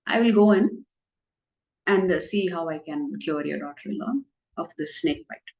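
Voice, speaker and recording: A woman's voice: low voice, normal speed, gravelly, a little mellow, dull audio. A woman doing a prim disguised maiden. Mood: prim, questioning. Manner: prim, protesting, coaxing. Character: young man disguised as a prim chaste woman. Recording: echoey room.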